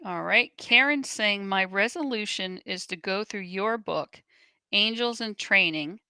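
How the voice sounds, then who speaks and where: Bright, crisp woman reading comments. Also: medium pitch, a little slow, no echo. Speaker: co-host reading out viewer comments. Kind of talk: reading questions aloud.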